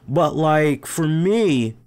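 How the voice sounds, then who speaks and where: A man's voice: a little high, very slow. A man hosting a live-streamed show, talking casually in a rambling way, full of "right?" and "you know" fillers. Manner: rambling, animated, acts out fan reactions in funny voices. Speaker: podcast host.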